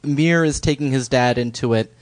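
A man's voice: medium pitch, moderate pace. A man co-hosting a podcast in a casual chat, dry and wry, easygoing as he recaps a TV episode. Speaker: podcast co-host and editor.

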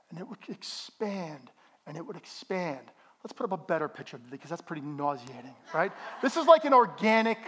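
Lively high-voiced male pastor preaching. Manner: animated, joking with the congregation. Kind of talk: sermon. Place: church.

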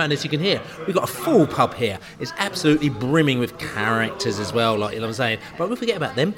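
A man hosting a podcast, talking in a boisterous, animated way and laughing between lines. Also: medium pitch. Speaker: podcast host. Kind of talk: casual podcast chat. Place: busy pub. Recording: noisy crowded pub.

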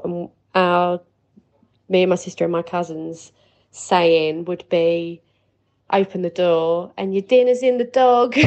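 A woman's voice: on the low side, darkish tone, dull audio. A woman leaving a chatty, nostalgic voice message for a podcast, swearing freely. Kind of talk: casual voice note.

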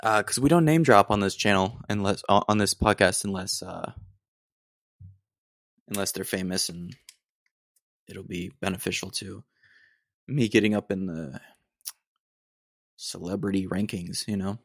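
A low-voiced American man rambles through a solo podcast rant. He digresses often and sounds mock-exasperated. The sound is dry and close, with no room around him. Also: fairly even intonation, a little slow, pauses often, no room sound. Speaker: podcast host.

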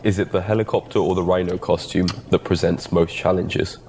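A man's voice: low voice, fairly even intonation, brisk, a little mellow, a little hiss or hum. A tired Welsh man co-hosting a podcast in casual chat, friendly and laughing easily. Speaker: podcast co-host.

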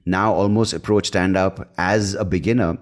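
A man's voice: sits low, fairly even intonation, moderate pace. A man who hosts a podcast and does comedy, telling stories in a loose, casual chat full of restarts. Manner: loose storytelling with laughs and restarts.

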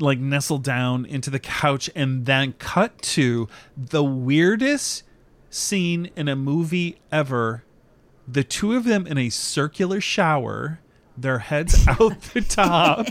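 Guy on a movie podcast, acting out scenes big and loud, mid-pitch voice. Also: takes it slowly, dry recording. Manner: animated, exaggerated retelling. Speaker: podcast co-host. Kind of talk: casual movie chat.

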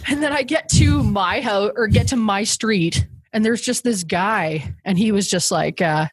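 Woman, young adult, husky voice, dry close sound, rambling casual storytelling, laughs often. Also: medium pitch, animated, moderate pace, no room sound. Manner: rambling, laughs often, acts out others' lines.

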